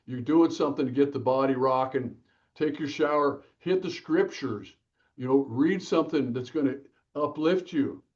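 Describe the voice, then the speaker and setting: Energetic man telling stories, lo-fi sound. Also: mid-range voice, normal speed. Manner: energetic, lively, acts out quotes. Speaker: author and guest. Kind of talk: casual interview storytelling.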